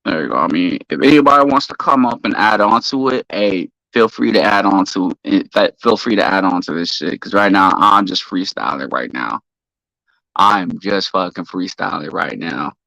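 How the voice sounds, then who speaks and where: A man hosting a live stream, ranting heatedly and profanely while shouting out viewers in the chat. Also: sits low, expressive, normal speed, creaky, no echo, low-quality recording.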